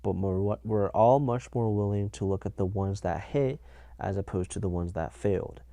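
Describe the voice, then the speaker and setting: Low, mellow-voiced young man rambling. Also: moderate pace, no room sound. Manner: rambling, self-correcting, laughs at his own jokes. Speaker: podcast host. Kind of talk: casual solo podcast monologue.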